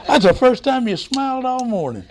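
A man preaching a sermon in a folksy, excitable way. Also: very high voice, brisk. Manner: folksy, excitable preaching with repeated "hey, listen".

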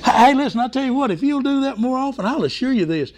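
A man preaching a sermon in a folksy, excitable way. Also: extremely high pitch, fast. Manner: folksy, excitable preaching with repeated "hey, listen".

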